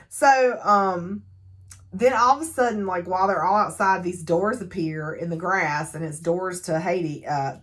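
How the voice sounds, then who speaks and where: A woman casually recapping a novel, telling the story in an animated way with laughs and asides. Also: on the low side. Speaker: book reviewer.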